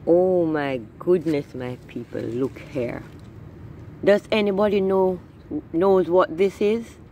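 A woman's voice: fairly low pitch, slow, dark tone, muffled recording, a little hiss or hum. A woman vlogging outdoors in her garden on a handheld phone, exclaiming with delight as she shows her viewers around. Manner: effusive, keeps calling out "my people" and exclaiming. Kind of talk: casual vlog, filming and narrating a garden tour. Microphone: phone camera held while walking.

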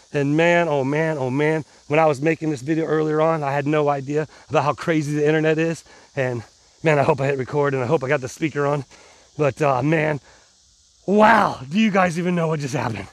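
A man's voice: a little high, dry recording. A middle-aged man vlogging casually to his viewers, rambling and restarting, pumped up on adrenaline. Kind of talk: casual vlog talk to viewers.

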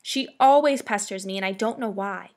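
A woman's voice: mid-range voice, normal speed, a little mellow, natural voice. A woman voicing a timid, polite young girl in a storybook reading. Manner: polite, meek.

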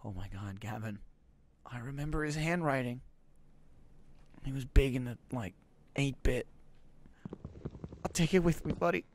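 A young man doing comedic gameplay commentary, acting out melodramatic mock grief. He swings between shouts and mutters and swears freely. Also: medium pitch, unhurried, long pauses, slight background noise. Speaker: let's play gamer.

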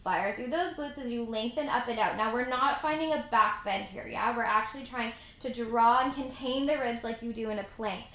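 A woman's voice: fairly high pitch, moderate pace, hardly any pauses, a bit bright, roomy sound. A woman teaching a mat pilates class, cueing moves, counting reps and adding chatty asides. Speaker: pilates instructor. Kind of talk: guided workout instruction.

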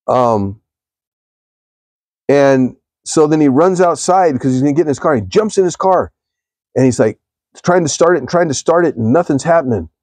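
Brief: man, devotional live streamer, rambling storyteller, mellow voice, dry close sound. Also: a little high, lively intonation, normal speed, pauses often, dry recording. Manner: rambling storytelling, addresses viewers.

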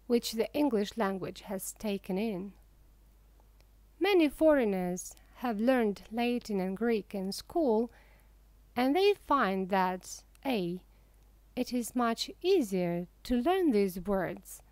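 A woman narrating a humorous audiobook for English learners, reading in a careful, even way. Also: medium pitch, dry recording.

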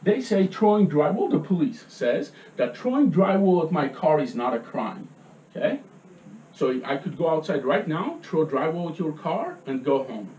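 An agitated man pours out a heated public comment, jabbing "okay?" after each point. His voice sits slightly high. He sounds distant from the mic in a roomy, echoing space with a faint hum of ambience behind him. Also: very animated, normal speed, darkish tone, lo-fi sound. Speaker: resident speaking at a public meeting. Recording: echoey room from far off.

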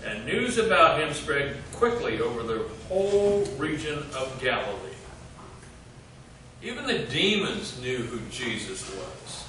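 Man, Bible study teacher, slow halting delivery, fairly high voice, echoey room, distant noisy mic. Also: sing-song, pushed and bright. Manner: halting, many fillers, quizzes the group. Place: church meeting room.

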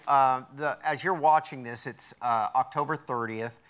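A man's voice: a little high, normal speed, hardly any pauses, a loud crowd, very noisy. A man hosting a live TV talk show, enthusiastic and full of exclamations. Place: TV studio with live audience. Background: faint audience.

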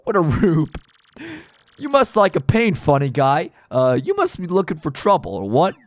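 A man's voice: fairly high pitch, huge pitch swings, normal speed, no echo, studio quality, soft background music, pitched above the performer's own voice. Man doing pushy mobster henchmen. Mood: mocking. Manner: rough street slang, mocking. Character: blustering male mobster henchmen, dim and pushy.

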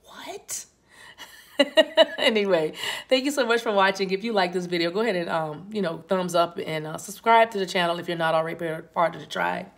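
A woman giving a casual, playful tarot reading straight to her viewers, with sudden high exclamations. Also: brisk, gravelly. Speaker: tarot reader.

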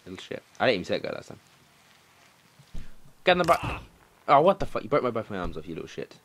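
A young man doing let's play commentary, excitable and swearing, shouting at the game. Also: lowish voice, quick pace. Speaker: gaming commentator.

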